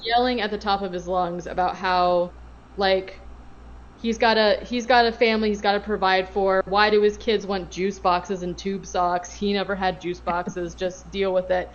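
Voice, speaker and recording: A woman's voice: medium pitch, fairly even intonation, moderate pace, dull audio, a little hiss or hum. A woman co-hosting a podcast, rambling through a casual movie recap full of fillers. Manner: rambling, filler-heavy storytelling. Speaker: podcast co-host.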